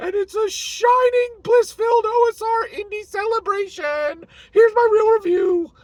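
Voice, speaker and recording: A man putting on a whiny, fawning male reviewer in a shrill, sing-song voice to mock him. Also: a little slow.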